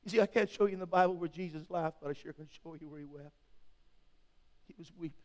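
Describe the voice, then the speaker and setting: A pastor in his sixties preaching an impassioned sermon, swinging from loud to hushed. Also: on the high side, fast. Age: 60s. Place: church sanctuary. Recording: long hall reverb.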